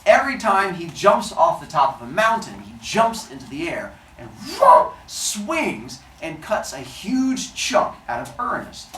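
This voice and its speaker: Jokey male teacher, lively storyteller, distant and roomy mic. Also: fairly high pitch, a little hiss or hum. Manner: playful, jokey asides. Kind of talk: animated storytelling to a class. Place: classroom.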